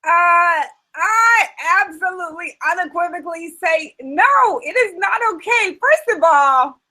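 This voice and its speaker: High, bright, emphatic woman host. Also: poor audio. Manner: emphatic, opinionated, lots of fillers. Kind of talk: casual chat show.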